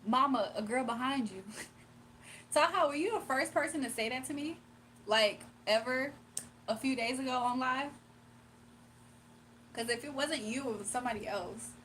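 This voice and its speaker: Woman, Southern Virginia accent, somewhat high voice, laughs a lot, livestream chat, faint noise behind. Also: normal speed, pauses often, fairly bright tone, rough recording. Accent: Southern US, Virginia with Atlanta influence. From Virginia, USA. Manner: chatty, laughs often, reads chat aloud and answers. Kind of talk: casual late-night live chat.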